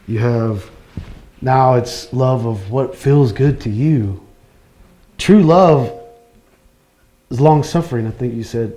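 Mellow-voiced man giving a casual church talk. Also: medium pitch, slow pace, long pauses. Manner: conversational, personal and earnest. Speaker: lay preacher.

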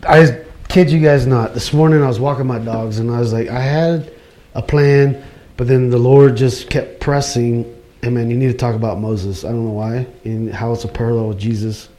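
Mellow-voiced man giving a casual church talk. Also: mid-range voice, steady tone, normal speed. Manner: conversational, personal and earnest. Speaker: lay preacher.

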